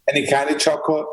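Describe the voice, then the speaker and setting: The recording is rough, capturing a podcast host with a medium-pitched voice. He's upbeat and talkative as he welcomes his guests to a casual interview held over video call.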